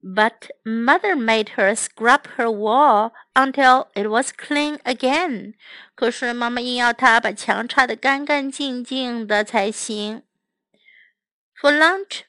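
A woman English teacher reads a picture book aloud slowly and clearly, with lots of expression. Her voice is bright and a little high, close and dry with no room sound. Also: dry recording. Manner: slow, clear, expressive reading. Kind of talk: bilingual storybook read-aloud.

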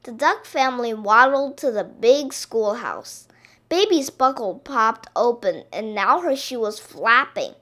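Slow, expressive woman reading a storybook. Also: a little high. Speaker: picture-book reader.

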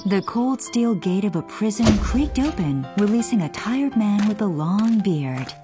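A woman narrating a children's storybook in an expressive storytelling cadence. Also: mid-range voice, unhurried, music in the background.

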